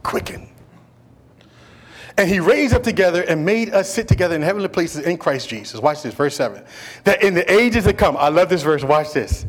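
With a high voice, a man serving as pastor gives a folksy, animated sermon. His delivery rises loud and drops hushed, sprinkled with playful side comments for the people in the pews.

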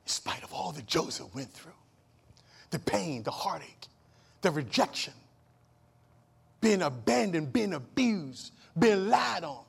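A male pastor preaching a sermon, calling out for amens and swinging from loud outbursts to low hushed asides. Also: sing-song, unhurried, vocal fry, long pauses, breathy edge. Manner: repeats and restarts phrases, calls for amen.

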